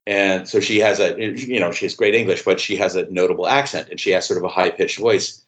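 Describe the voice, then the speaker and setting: A man with a lowish voice, talking as a podcast guest. He rambles along casually, leaning on "you know" and the odd curse word. His voice rings in a noticeably echoey room. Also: fairly quick, a bit bright. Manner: rambling, peppered with "you know", swears freely. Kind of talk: casual conversation.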